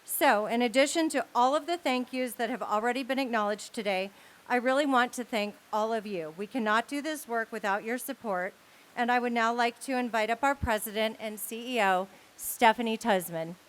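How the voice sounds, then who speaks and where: A woman who leads a philanthropy council, reading formal, steady prepared remarks at a charity event. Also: on the high side, moderate pace. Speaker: leader of a women's philanthropy council.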